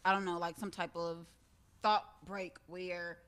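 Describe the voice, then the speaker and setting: A woman's voice: on the low side, level tone, a little slow, a bit bright, clean tone. Woman, radio co-host, casual chat, chatty, laughs often.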